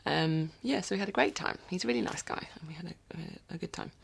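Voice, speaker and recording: A woman's voice: on the low side, quick pace, gravelly, slightly rough. A woman musician rambling casually in a video diary from her recording studio, often dropping into whispered asides.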